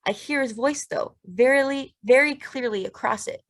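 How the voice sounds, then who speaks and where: A woman narrating a literary audiobook in a steady, measured, plain way. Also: sits high.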